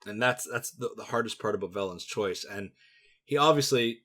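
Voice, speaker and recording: A man co-hosting a podcast, calmly retelling story events step by step in a casual chat. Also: lowish voice, moderate pace. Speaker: podcast co-host. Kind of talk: casual fan lore discussion.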